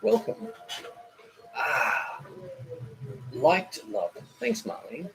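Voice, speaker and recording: Against a noisy background, a man with a high-pitched, creaky, sing-song voice speaks very slowly. He hosts a laid-back live cooking chat, reading viewer comments, rambling on, and joking with lots of fillers and side remarks.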